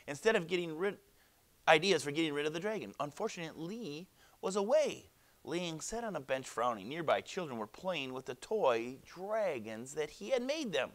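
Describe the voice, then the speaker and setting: A male teacher reads a story aloud to his class, then walks them through their assignment. His delivery is animated, and his pitch swoops widely. He breaks off often for chatty asides. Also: moderate pace. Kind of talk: classroom read-aloud and lesson.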